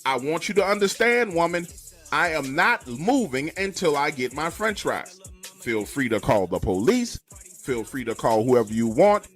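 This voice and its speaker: A man's voice: a little high, very animated, moderate pace, soft background music. A man voicing an angry drive-thru customer who hurls nonstop insults. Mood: ranting. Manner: relentless, loud insults.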